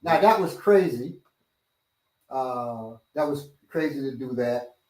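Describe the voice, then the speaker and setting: A middle-aged man, a martial arts instructor and host, telling stories in casual chat and acting out other people's lines loudly. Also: mid-range voice, slow pace. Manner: animated, acts out quoted voices loudly. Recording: roomy sound from a distant mic.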